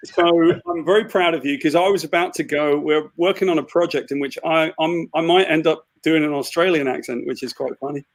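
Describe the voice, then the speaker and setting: A British man, a comic book writer, chatting casually on a video call and telling animated anecdotes with a chuckle. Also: on the high side, fairly quick, hardly any pauses.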